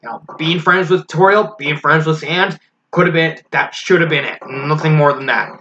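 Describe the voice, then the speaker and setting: A man with a fairly high, sharply bright voice gives a frank, critical review in a casual spoken way. He talks his points through aloud as he goes. The recording is a little dull and lo-fi, with a faint hiss underneath. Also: fairly even intonation, moderate pace. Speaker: fan fiction reviewer.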